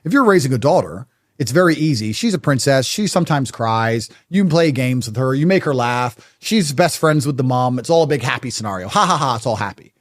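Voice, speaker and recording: A man's voice: medium pitch, lively intonation, brisk. A man speaking as a podcast guest in casual conversation, blunt and emphatic, laying out his views with a stubborn edge.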